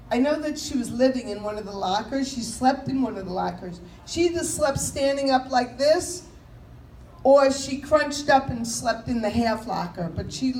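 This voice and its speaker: A woman's voice: a little high, darkish tone. A woman comedian doing a chatty stand-up set, telling stories and mimicking voices and subway announcements. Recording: echoey room with faint noise.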